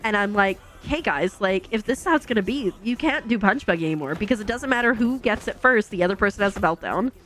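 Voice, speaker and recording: A woman's voice: medium pitch, expressive, fast talker, few pauses, a bit bright, faint music behind. A woman streamer telling a long family story in casual, chatty talk full of fillers.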